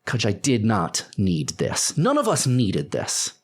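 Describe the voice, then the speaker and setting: A man's voice: fairly low pitch, wildly swooping pitch, a little slow, heavily acted. A man voicing a tired, grumbling middle-aged man who rambles and sighs. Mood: weary.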